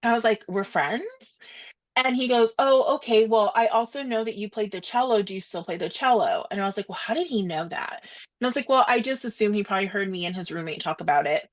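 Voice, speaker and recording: A young woman co-hosting a podcast, telling a story in casual chat, animated and quoting others in quick asides. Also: medium pitch. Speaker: podcast co-host.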